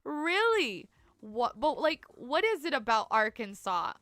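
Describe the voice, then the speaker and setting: A woman from Canada, chatting casually with viewers as she comments on her gameplay, rambling, full of "like" fillers and quick to laugh. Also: high voice, big pitch swings, fairly bright tone, dry recording. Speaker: streamer.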